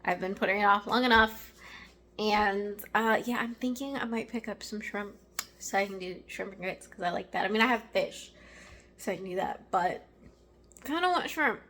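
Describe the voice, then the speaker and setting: A woman's voice: mid-range voice, moderate pace, fairly bright tone, slight background noise. A woman hosting a casual vlog, chatting to viewers in a rambling, friendly way and calling them y'all and guys. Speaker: vlog host. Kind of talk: casual vlog chat to camera.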